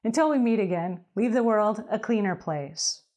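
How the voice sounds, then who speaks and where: A woman's voice: mid-range voice, lively intonation, normal speed, darkish tone. A woman giving emphatic, direct advice to house cleaners as a business coach in an advice talk.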